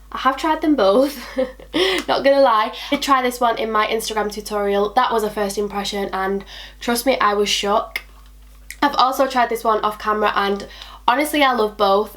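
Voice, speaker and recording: A young woman chatting bubbly and casually through a makeup tutorial, talking to herself and her products as she goes. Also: medium pitch. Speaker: beauty vlogger.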